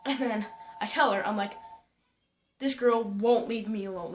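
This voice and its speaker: A young woman vlogging casually, retelling a story with lots of "like" and quoting people in a higher voice. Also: fairly even intonation, moderate pace, pauses often, faint music behind. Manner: chatty, full of "like" and "I'm like", quoting others in a higher voice.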